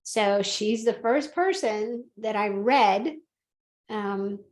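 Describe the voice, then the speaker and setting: A woman hosting a podcast, telling a personal story in casual chat, animated and laughing often as she acts out what people said. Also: medium pitch, takes it slowly, reverberant. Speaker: podcast host and medium.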